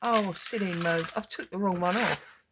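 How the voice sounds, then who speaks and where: A woman hosting a casual crafting vlog, giddy and excitable, chattering to herself at her craft desk as she unboxes a parcel. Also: fairly low pitch, moderate pace, noisy background. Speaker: crafting channel host.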